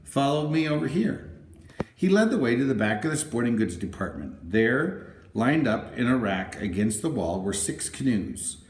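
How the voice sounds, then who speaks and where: A man narrating a children's storybook in a gentle, even reading voice. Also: lowish voice, normal speed, slight background noise. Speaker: audiobook narrator. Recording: roomy, echoey room.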